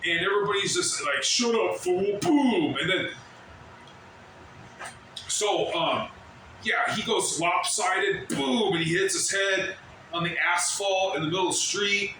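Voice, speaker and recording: High, bright-voiced man ranting in an echoey space. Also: fairly even intonation, measured pace, long pauses, distant mic, slight background noise. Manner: swearing, rambling, mimics shouts of others. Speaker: vlogger. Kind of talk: casual rant to camera. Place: at work. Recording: very echoey, from off the mic.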